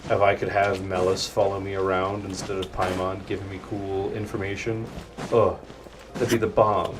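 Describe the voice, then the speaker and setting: A man's voice: low voice, flat delivery, normal speed, distant mic, background noise. A young man casually commenting on a video game as he plays, goofy and rambling. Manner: goofy, rambling, loud outbursts, says "dude" and "like". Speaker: gaming streamer. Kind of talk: casual let's play commentary. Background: game music.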